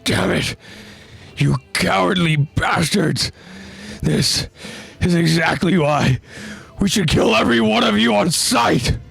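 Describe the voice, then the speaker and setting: A man doing a gravelly, hostile soldier. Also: fairly high pitch, slow, faint music behind, voice pushed up, exaggerated voice. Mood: furious. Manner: gruff, harsh and suspicious. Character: hostile, distrustful adult male soldier in a trench.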